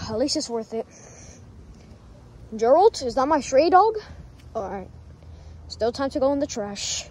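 A woman's voice: sits high, animated, measured pace, long pauses, darkish tone. A woman improvising a plushie skit, voicing every character and switching voices, often scolding.

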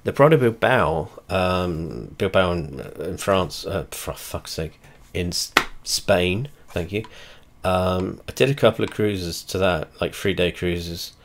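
Man, very low voice, sweary, rambling, casual flight simulator commentary, trails off and restarts. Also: slow pace, few pauses, a little hiss or hum. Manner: rambling, heavy swearing, blunt and chatty. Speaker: video creator.

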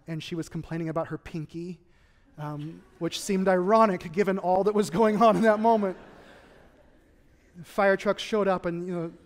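A man preaching a sermon as pastor, earnest and repetitive, often dropping to a hushed, intimate tone. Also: sits high. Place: church sanctuary.

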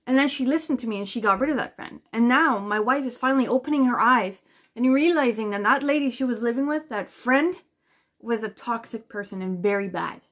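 A woman with a fairly high-pitched voice tells a story straight to her camera in a loose, rambling way. She swears freely and leans on "like" fillers. She sounds animated and indignant as she goes. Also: a little fast. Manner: rambling and profane, full of "like" fillers; animated and indignant while retelling. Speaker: vlogger.

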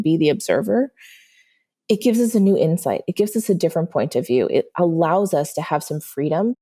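A woman with a lowish, breathy-edged voice appears as a manifestation coach on a podcast. Her storytelling is animated, and she regularly checks in with a questioning "right?".

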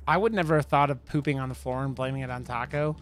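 A man's voice: medium pitch, fast, a little hiss or hum. A man streaming a horror game, joking crudely with lots of swearing and reading the in-game notes aloud in a casual way. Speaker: let's play streamer. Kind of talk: casual gameplay commentary.

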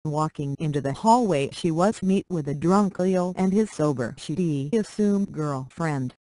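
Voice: mid-range voice, measured pace, warm tone, no echo. A narrator reading a short story aloud, speaking punctuation marks like "dot dot dot" literally.

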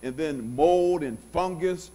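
A middle-aged man preaching a sermon in a church, moving from soft passages to loud outbursts. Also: fairly high pitch, takes it slowly. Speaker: pastor.

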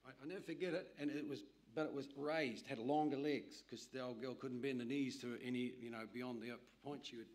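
Man preaching, literature evangelist, anecdotal, conversational asides, mid pitch. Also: brisk, hardly any pauses. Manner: lively anecdotal storytelling with asides to the audience. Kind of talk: storytelling sermon.

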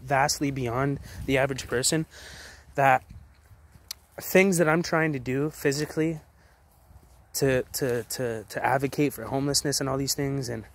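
A man's voice: medium pitch, steady tone, moderate pace, gravelly. A man in his late twenties giving a blunt, heavily profane motivational rant straight to the camera, full of restarts and repetitions. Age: 20s. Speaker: vlogger.

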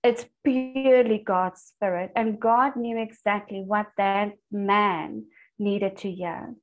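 Over dull, lo-fi video call audio, a Bible study group leader speaks slowly in a steady, mid-range voice. She earnestly teaches her church discipleship group and shares stories.

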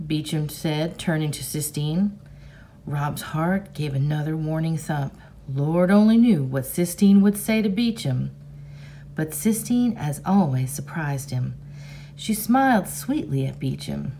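A woman teacher reading a children's novel aloud to her class, expressive and measured. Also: sits low, slight background noise. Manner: slow, expressive storytelling. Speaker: fourth grade teacher.

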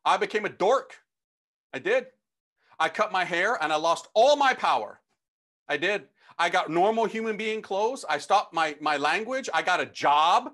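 A man who is a priest, from the United States, telling his own testimony to an audience in an animated, slangy, emphatic way. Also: high voice, normal speed. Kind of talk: personal testimony talk to an audience.

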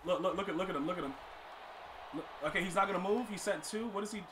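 A man streaming a football video game, commenting live and talking to his chat, often exasperated and breaking into loud outbursts. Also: high-pitched, fast, background noise. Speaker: gaming streamer.

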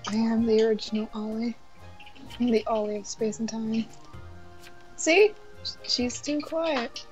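Woman, casual game chat, teasing, laughs easily, unhurried. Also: on the high side, steady tone, soft background music. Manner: playful, teasing, quick to laugh. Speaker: co-player.

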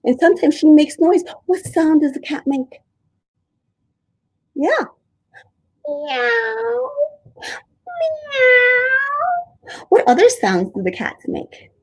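Leading little kids through a creative drama warm-up, this young woman is lively and sing-song, with playful animal sounds mixed in. She speaks in a high voice, unhurried and with long pauses, on a rough recording.

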